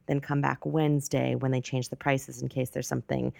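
A woman in her twenties telling a story on her podcast in a rambling, self-correcting, chatty way. Her voice is low and gravelly, recorded close on a podcast mic with a dry sound and no room echo. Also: flat delivery, brisk, darkish tone. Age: 20s. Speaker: podcast host. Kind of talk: casual storytelling monologue.

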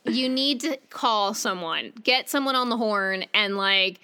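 A young woman co-hosting a podcast, chatting casually about a book, acting out characters' lines in quick quoted voices and swearing freely. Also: medium pitch, bright, forceful tone, clear, resonant tone. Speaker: podcast co-host.

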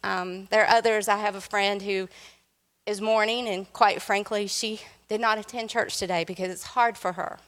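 A woman's voice: medium pitch, steady tone, normal speed, a bit bright. A woman preaching to a church congregation, cracking jokes and drawing the crowd in. Her voice carries with a long reverb through the sanctuary. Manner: playful, joking with the congregation. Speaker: guest preacher. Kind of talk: sermon.

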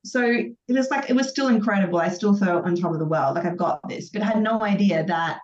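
A woman in her thirties telling her own birth story as a podcast guest, acting out what was said in lively bursts. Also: mid-range voice, a little fast. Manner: animated storytelling, acts out her own quotes. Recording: distant, dull, roomy sound.

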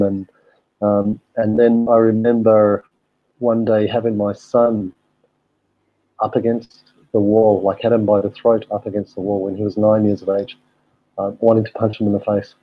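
A man's voice: lowish voice, dry recording, narrow, tinny audio. A middle-aged man, a guest telling his life story candidly, with frequent fillers and swearing. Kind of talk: personal storytelling.

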